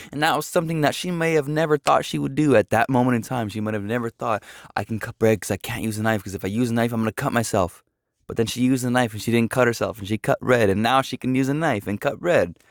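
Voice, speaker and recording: A man with a lowish voice talks straight to his viewers in a loose, rambling, earnest way. He fills his sentences with ums and uhs while encouraging people, and the sound is dry and close. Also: no room sound. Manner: rambling, filler-heavy, earnest. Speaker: vlogger. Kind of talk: casual motivational talk.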